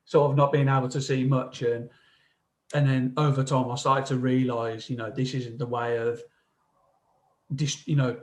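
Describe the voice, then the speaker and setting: A man's voice: medium pitch, level tone, low-quality recording. A man in casual podcast chat, stumbling and restarting as he talks about himself. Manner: halting, stammering restarts. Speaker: podcast co-host.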